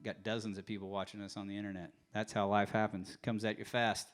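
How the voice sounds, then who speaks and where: A man's voice: on the low side, little pitch movement, fast talker. A man telling rambling, joking stories between songs as host. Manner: rambling, joking, trailing off with filler. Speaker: host and musician. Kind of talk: casual storytelling between songs.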